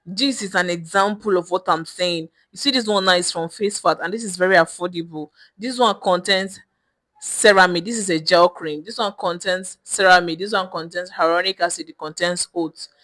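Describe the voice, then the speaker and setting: A woman's voice: fairly low pitch, moderate pace, a bit bright. Emphatic woman giving skincare advice. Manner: emphatic, repetitive, lecturing with frequent restarts. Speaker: skincare vlogger. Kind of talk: direct-to-camera skincare advice.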